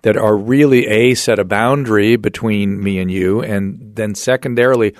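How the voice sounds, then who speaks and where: A middle-aged man hosting a podcast interview, thinking aloud with many halting restarts. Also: fairly low pitch, fairly even intonation, dry recording, clean studio sound. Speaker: podcast host. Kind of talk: casual interview talk.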